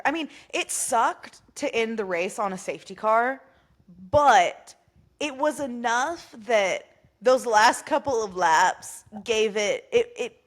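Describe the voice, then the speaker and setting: A woman co-hosting a podcast in casual chat, telling stories in an easygoing way on a video call. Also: on the high side. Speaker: podcast co-host.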